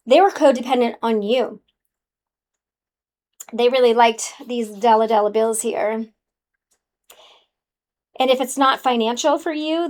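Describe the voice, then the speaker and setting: A woman's voice: fairly high pitch, a little mellow. A woman giving a casual, sassy spiritual card reading to the viewer, calling them honey. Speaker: tarot card reader.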